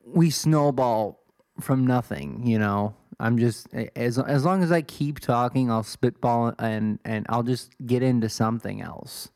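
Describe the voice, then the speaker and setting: A man's voice: medium pitch, measured pace, darkish tone, no room sound, clean studio sound. A man in his twenties from Illinois, rambling through a casual, self-deprecating monologue as a podcast host. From Illinois, USA. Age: 20s. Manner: self-deprecating, swears, wanders off topic.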